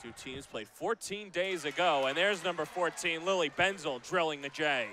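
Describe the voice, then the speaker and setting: Man, basketball play-by-play, bright tone, brisk, shouts on big plays, faint arena noise. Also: fairly high pitch. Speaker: play-by-play announcer.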